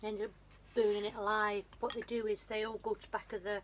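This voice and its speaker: A woman's voice: mid-range voice, level tone, fast, a little hiss or hum. A woman casually retelling a film's plot in a rambling, self-deprecating way, with a runny nose. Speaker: vlogger. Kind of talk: casual film recap.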